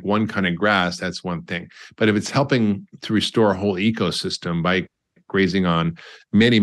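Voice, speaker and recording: A man, a doctor, explaining health topics as an interview guest and listing examples as he goes. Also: deep voice. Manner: explanatory, lists examples, frequent restarts. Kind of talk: conversational interview.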